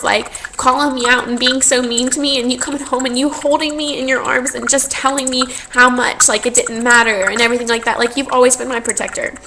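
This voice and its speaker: A young woman vlogger, her voice high and fairly bright, tearfully thanks her family and friends, rambling and heartfelt while laughing through the tears. The recording is low quality with slight background noise.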